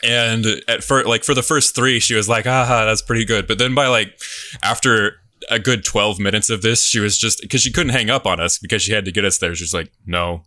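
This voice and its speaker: A man's voice: on the low side, a little fast, bright, forceful tone, no room sound, studio quality. A man, a podcast game show contestant, tells embarrassing personal stories in a self-deprecating way, chuckling as he goes. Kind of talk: casual storytelling.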